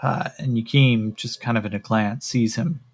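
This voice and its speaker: A man with a mid-range voice runs a solo tabletop role-playing game on a stream, acting as both game master and player. He speaks at a moderate pace, relaxed and thinking aloud, with plenty of fillers and swearing.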